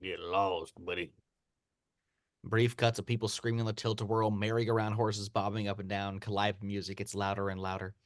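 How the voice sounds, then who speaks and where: A man reading a screenplay's action lines aloud as narrator, in steady read-aloud narration. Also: fairly low pitch, a little fast, hardly any pauses, no room sound, clean studio sound. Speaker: narrator of stage directions.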